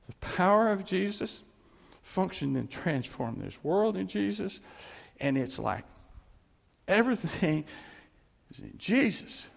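A man's voice: sits high, creaky, big-room sound. A man preaching a sermon as pastor, conversational, with chuckles and asides to the congregation.

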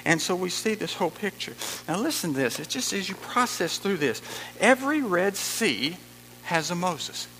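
A man's voice: high-pitched, big pitch swings, moderate pace, sharp tone, big-room sound, a little hiss or hum, rough recording. A man preaching a sermon, emphatic and repeating his key phrases.

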